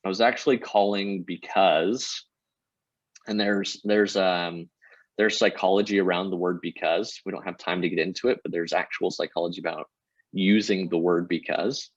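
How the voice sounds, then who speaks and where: An energetic man with a fairly low voice explains his sales approach step by step. He talks casually, as a podcast guest on a remote call. The sound is dry and a little dull, like lo-fi call audio. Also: moderate pace, dry recording. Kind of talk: casual interview talk.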